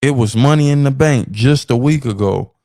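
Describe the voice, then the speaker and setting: A man hosting a podcast, giving opinionated commentary in an animated way, repeating phrases for emphasis and laughing between points. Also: mid-range voice, normal speed, no echo, studio quality. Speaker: podcast host.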